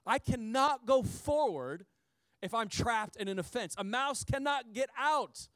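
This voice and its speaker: A pastor preaching in a chatty, animated way, with frequent asides to the people listening. His voice sits high for a man. He repeats key lines for weight, and the sound is dry, with no room echo. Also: a little slow. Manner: repeats key phrases for emphasis. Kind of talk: sermon.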